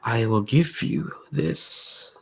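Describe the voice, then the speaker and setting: A man voicing a spirit trapped in a cathedral, who coaxes the listener softly and slowly. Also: mid-range voice, creaky, slightly rough, pitched above the performer's own voice, full character voice. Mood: coaxing. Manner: soft, slow, sweet-talking.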